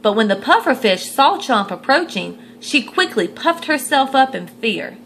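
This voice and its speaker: A woman's voice: high-pitched, sing-song, normal speed, a bit bright, a little hiss or hum, low-quality recording. A woman reading a children's picture book aloud, stopping to point at the pictures and ask the listeners questions. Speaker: storyteller.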